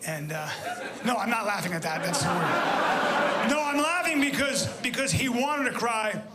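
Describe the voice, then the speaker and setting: A male stand-up comedian telling an animated story on stage, laughing through his lines. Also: sits high, unhurried, heavy background noise. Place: comedy stage before a live audience. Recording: live club recording with loud crowd and music. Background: audience laughter and applause.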